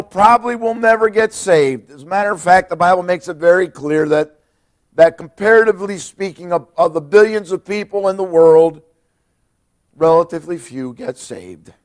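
A middle-aged man preaches a sermon to his congregation in a church. His voice sits a little higher than most men's. He moves between quiet, hushed lines and loud, emphatic ones. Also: moderate pace. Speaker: pastor. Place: church sanctuary.

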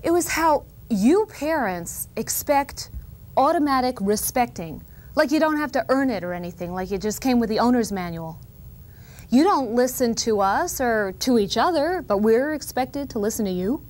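A woman's voice: on the high side, lively intonation, moderate pace, a little mellow. A woman hosting a show, delivering a playful comic monologue that speaks for children to their parents, with sarcastic quips and asides. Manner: quips with asides and short laughs. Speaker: TV show host. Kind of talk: comic monologue spoken to the camera.

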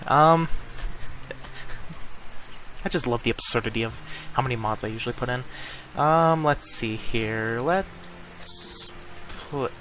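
A man's voice: mid-range voice, bright, forceful tone, a little hiss or hum. A young man casually commenting while setting up a modded game, rambling with lots of ums and little chuckles, close to a desk mic. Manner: chuckling, easygoing. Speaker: let's play host. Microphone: desk microphone, breathes into it.

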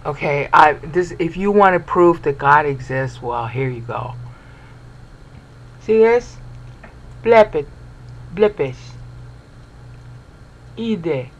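A woman's voice: low-pitched, expressive, slow pace, poor audio. Woman, Bible teacher, explanatory, sounds out syllables, frequent check-ins. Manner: explanatory, checks in with "okay?" and "all right?". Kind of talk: screen-walkthrough lesson.

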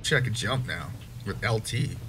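A man's voice: lowish voice, expressive, a little slow, pushed and bright, slight background noise. A young man giving casual gameplay commentary as a YouTuber, swearing and joking in exasperation. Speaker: gaming YouTuber.

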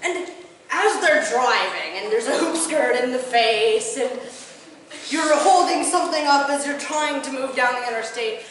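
A woman's voice: high-pitched, lively intonation, a little slow, fairly bright tone, a little hiss or hum. A woman bard telling a comic story live, laughing as she goes and acting out characters' lines. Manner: laughs through her own story; acts out characters' lines in bursts. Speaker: bard at a gathering. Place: large hall at a live event. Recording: echoey hall from far off with audience. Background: audience murmur and laughter.

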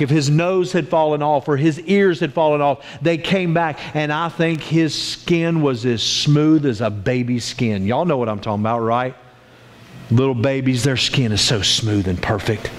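A man giving a sermon as pastor, with animated storytelling that acts out voices in the quotes. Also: medium pitch, moderate pace, in a large hall.

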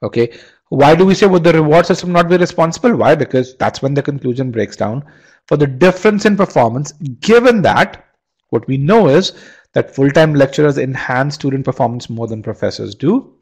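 In a low-quality recording of a live test-prep webinar, a man with a fairly high, husky, slightly mellow voice teaches briskly and expressively. He walks through an argument step by step, quizzes his students rapidly, and repeats words when restarting phrases.

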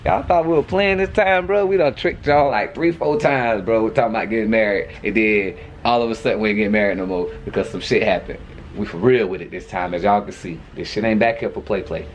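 A man's voice: on the low side, fairly quick, slight background noise. A man vlogging to camera, venting in a profane, exasperated rant.

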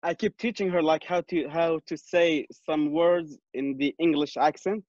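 Easygoing guy from kuwait on a video call, kinda high voice, sounds dull and dry. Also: dry recording. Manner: relaxed, laughs easily, slightly halting English. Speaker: guest. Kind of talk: casual chat over video call.

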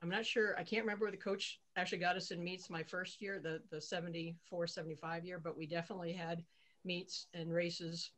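A woman in her sixties, a former athlete, recounting memories on a video call in a measured way with frequent restarts. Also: lowish voice, little pitch movement, fairly bright tone. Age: 60s.

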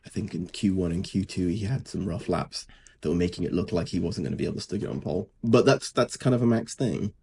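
A man's voice: sits low, fast talker, gravelly, warm tone, slight background noise. A man, co-hosting a podcast in casual, sarcastic chat. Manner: dry, sarcastic, mocking impressions. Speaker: podcast co-host.

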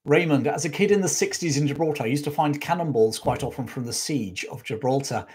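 A man's voice: fairly high pitch, a little fast, a little mellow, breathy edge. A man hosting a live history stream, chatting enthusiastically with viewers and going off on asides. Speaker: history channel host. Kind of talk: live-stream chat, answering viewer questions.

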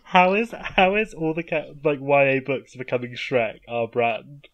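A man with an English accent co-hosting a podcast in casual chat, quick to laugh and exclaim. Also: mid-range voice, expressive. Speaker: podcast co-host.

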